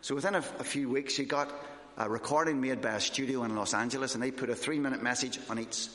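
A man from Northern Ireland with a Northern Irish accent, giving a fast, excitable church talk as a missionary speaker. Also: medium pitch. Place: church hall. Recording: echoey church hall.

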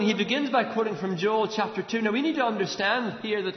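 A man preaching a storytelling sermon, retelling scenes vividly with shifting pace and dramatic pauses, in a large church. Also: sits high, lively intonation. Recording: echoey hall, dull lo-fi sound.

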